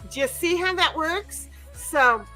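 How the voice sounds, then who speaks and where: A woman's voice: sits high, expressive, takes it slowly, pushed and bright, soft background music, poor audio. A woman hosting a game stream in casual chat, rambling and playful, laughing and swearing freely. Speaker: streamer host.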